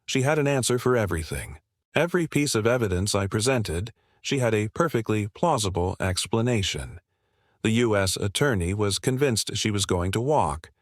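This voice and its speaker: A man with a lowish voice and lively intonation delivers scripted narration in a measured, confident storytelling style, posing rhetorical questions to the listener. The recording is dry and studio quality.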